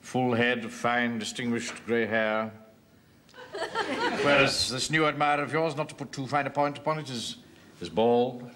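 An actor playing a pompous, self-important middle-aged platoon captain in a sitcom. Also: male voice, medium pitch, measured pace, lightly acted. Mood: indignant. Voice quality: pompous, blustering. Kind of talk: 1970s sitcom acting. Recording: noisy old TV soundtrack.

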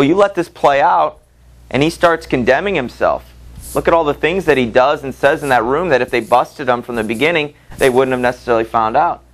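A man's voice: mid-range voice, poor audio. Conversational male teacher lecturing a class. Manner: conversational, asks the class rhetorical questions.

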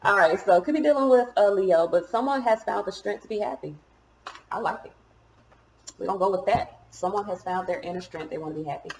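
A woman's voice: medium pitch, fairly quick, reverberant, slight background noise, rough recording. A woman giving a casual tarot reading, chatty and informal, cursing now and then. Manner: chatty, swears and laughs at herself. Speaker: tarot reader.

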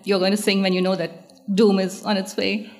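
Woman in the crowd asking a follow-up q, steady. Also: mid-range voice, a little fast. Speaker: fan asking a question. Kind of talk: audience question at a panel.

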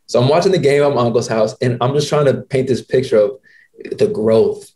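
A man in his twenties hosting a podcast, telling a story in an animated, slangy way. He often acts out other people's lines. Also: mid-range voice, brisk. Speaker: podcast host. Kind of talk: casual storytelling.

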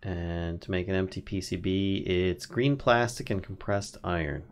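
A man's voice: deep voice, normal speed. A man casually chatting on a gaming stream, thinking aloud as he reads out crafting recipes and often laughing. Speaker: streamer, co-host.

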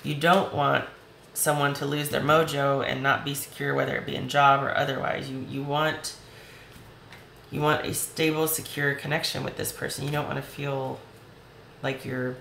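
A woman reads tarot cards for her viewers, chatty and reassuring as she speaks right to them. Her voice is hoarse and gravelly from talking. The sound is roomy and echoey, with a faint hiss behind it. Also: extremely low pitch, level tone, normal speed, a bit bright. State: voice going hoarse. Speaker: tarot reader. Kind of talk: tarot reading video.

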